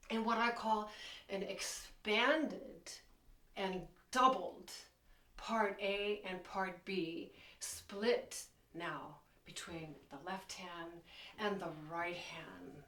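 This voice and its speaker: A woman's voice: mid-range voice, fairly bright tone. A woman piano teacher explaining a piece as she plays, enthusiastic, counting beats and singing phrases aloud. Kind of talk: teaching while playing piano. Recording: roomy, mic at a distance. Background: piano playing.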